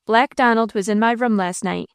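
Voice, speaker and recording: A woman's voice: a little high, normal speed, smooth, no echo, clean studio sound, close to an everyday voice. A woman voicing a wild, fearless young heroine in an audiobook, talking in breathless, pleading exclamations. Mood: distraught.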